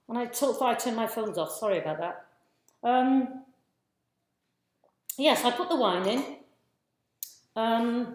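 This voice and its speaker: A woman's voice: on the high side, very echoey, a little hiss or hum. A woman hosting a casual live cooking stream from her home kitchen, chatting to viewers while she cooks. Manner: chatty, scattered, greets viewers mid-task. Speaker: cooking livestream host.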